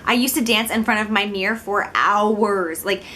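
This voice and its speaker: Woman, twenties, from Illinois, beauty vlogger, casual chat, giggly, self-deprecating, mid pitch, faint background noise. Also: moderate pace, sharp tone. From Illinois, United States. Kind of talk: casual talk to camera.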